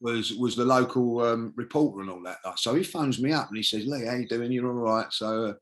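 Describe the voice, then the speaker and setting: A podcast guest with a mid-range, brisk voice tells a long anecdote. His storytelling is casual and rambling, packed with fillers like "you know what I mean."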